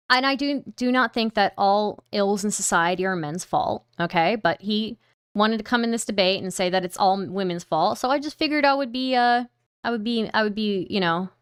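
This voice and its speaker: A woman's voice: medium pitch, clean tone, no room sound, studio quality. A woman streamer chatting casually on a livestream, rambling, swearing now and then and laughing often.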